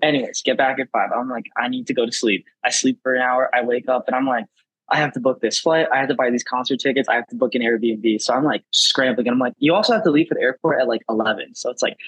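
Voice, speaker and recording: A young man in his twenties with a husky, raspy voice chats casually on a podcast. His storytelling is laid-back and full of slang. The sound is dry and close, with no room echo. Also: medium pitch, fairly even intonation, quick pace, fairly bright tone. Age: 20s. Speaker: podcast co-host. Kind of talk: casual chat.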